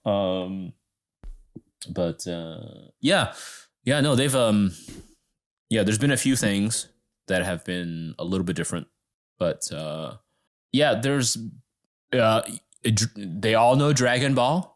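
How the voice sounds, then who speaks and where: A man's voice: fairly low pitch, takes it slowly, long pauses. A young man in casual podcast chat, rambling and filler-heavy, with frequent "dude"s.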